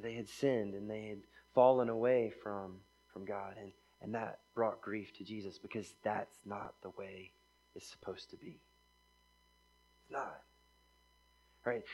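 A man's voice: fairly low pitch, rough recording. A man preaching a sermon in a conversational way, often checking in with "right?" and reading passages aloud.

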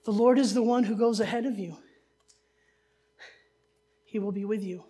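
A woman from New Jersey giving a sermon, telling a family story with jokey asides and animated delivery. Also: mid-range voice, moderate pace, breathy edge. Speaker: preacher.

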